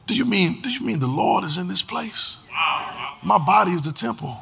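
A man's voice: high-pitched, expressive, moderate pace, vocal fry, a crowd in the background. A man pastor preaching a sermon in a church, repeating phrases and singing out lines with emphasis. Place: church sanctuary. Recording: long hall reverb.

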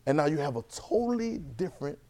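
A man teaching a church Bible class, lively and conversational, repeating phrases and asking the class questions. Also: on the high side, brisk.

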